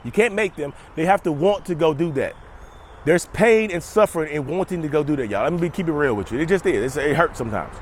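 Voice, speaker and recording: Male vlogger, unscripted outdoor monologue, chatty and self-mocking, slightly raised pitch. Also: expressive, fast talker, a little hiss or hum. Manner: rambling, jokey, addresses viewers as y'all. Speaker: mental health vlogger. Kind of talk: casual unscripted monologue to camera.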